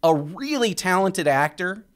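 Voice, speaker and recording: Male podcast host, slightly high voice, enthusiastic and stumbling over his words. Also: big pitch swings, a little slow. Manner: enthusiastic, hesitant restarts. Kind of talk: casual podcast chat.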